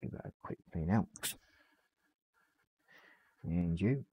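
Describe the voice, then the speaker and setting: A man hosting a live hobby stream, hoarse and losing his voice, casually talking through a miniature build and apologising. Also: sits low, lively intonation, slow, phone-quality sound, slight background noise. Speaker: hobby livestream host.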